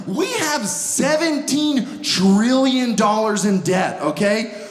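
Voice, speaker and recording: A male comedian with a high voice rants in sarcastic exasperation through a stand-up set. He is from the United States. His voice bounces around the club, and the crowd laughs loudly. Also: big pitch swings, slow, reverberant.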